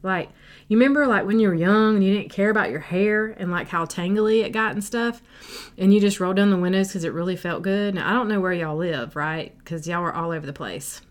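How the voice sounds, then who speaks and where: A woman's voice: mid-range voice, fairly quick. Bubbly woman podcast host. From South Carolina, USA. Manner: bubbly, chatty, silly and sassy, lots of "like". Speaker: podcast host and life coach. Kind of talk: casual solo podcast chat. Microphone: podcast microphone.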